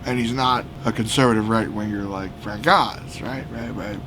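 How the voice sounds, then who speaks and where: A man's voice: on the low side, fairly even intonation, moderate pace, noisy background. Heated, profane man ranting. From United States. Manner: heated, profane, frequently shouting. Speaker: political vlogger. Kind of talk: ranting political commentary.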